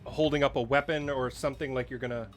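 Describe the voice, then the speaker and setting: A man's voice: medium pitch, fairly even intonation, fast talker, over loud music. A man running a tabletop game as dungeon master, patiently explaining the rules with lots of fillers.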